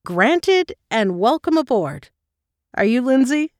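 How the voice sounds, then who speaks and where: A woman's voice: fairly high pitch, very animated, slow pace, no echo, studio quality, voice pushed up. A woman voicing a friendly, welcoming female boat captain in an audiobook. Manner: welcoming, hospitable. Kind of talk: audiobook character reading.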